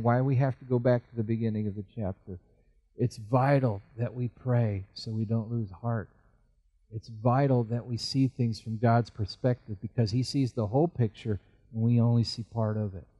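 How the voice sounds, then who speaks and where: A man's voice: warm tone, dull audio. A man, middle-aged, preaching a sermon earnestly and voicing Bible figures as he goes. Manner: earnest, acts out Bible voices with rising pitch. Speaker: pastor.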